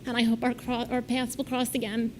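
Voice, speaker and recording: Tearful woman administrator, heartfelt halting farewell in a meeting room, faint hiss behind. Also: a little high, monotone, a little mellow. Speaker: departing school administrator. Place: school board meeting room.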